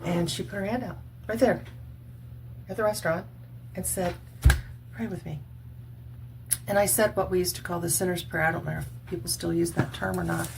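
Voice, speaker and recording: An earnest, chatty woman in her sixties speaks straight into a camera mic at home. Her voice sits a little low, and she laughs easily as she talks. A faint hum runs under the recording. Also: steady tone, normal speed, vocal fry, pauses often. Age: 60s. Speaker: vlogger. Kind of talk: casual makeup chat and testimony.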